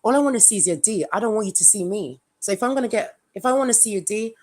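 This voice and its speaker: A woman's voice: mid-range voice, animated, fast talker, a little mellow. Frank, laughing woman in casual chat. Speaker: panelist.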